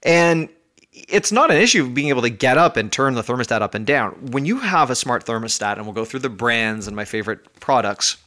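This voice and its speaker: A male podcast host talks from his home in a chatty, energetic way. He is a bit out of breath. His voice is a middle pitch for a man, and he pokes fun at himself as he goes. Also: fairly quick. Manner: energetic, chatty, self-deprecating. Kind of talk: casual podcast monologue.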